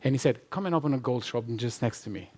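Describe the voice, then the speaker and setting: A man's voice: mid-range voice, fast, darkish tone. Emphatic man on stage. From Albania. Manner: emphatic, repetitive, laughs often. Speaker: conference speaker. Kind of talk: conference talk and Q&A. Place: conference hall with live audience.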